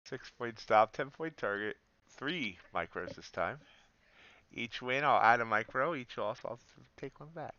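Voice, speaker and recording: A man's voice: mid-range voice, lively intonation, a little slow, bright, forceful tone, no room sound. Man, live trading commentary, casual thinking aloud, dry close sound, slightly muffled mic. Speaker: futures trader streaming live.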